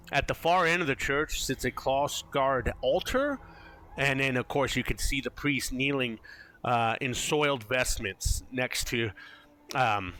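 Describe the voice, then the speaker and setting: A man running a tabletop game as game master, narrating scenes in an animated, descriptive way. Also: mid-range voice, a little hiss or hum. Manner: descriptive, animated, laughs easily.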